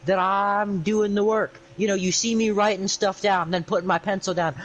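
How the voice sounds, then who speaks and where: A man's voice: high-pitched, fairly even intonation, normal speed, fairly bright tone, low-quality recording. A young man telling an exasperated, sarcastic, rambling story on a livestream. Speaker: streamer.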